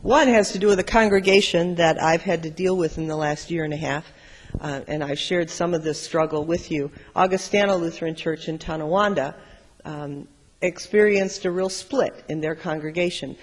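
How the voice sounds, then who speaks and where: Middle-aged pastor preaching in a big church. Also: male voice, on the high side, normal speed. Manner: storytelling, shifting between loud and soft. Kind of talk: sermon. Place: large church sanctuary. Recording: long church reverb.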